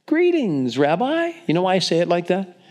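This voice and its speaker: Man preaching, animated storytelling. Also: high voice, racing. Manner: storytelling, dramatizes quotes with acted voices; frequent restarts and repetitions. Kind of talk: sermon.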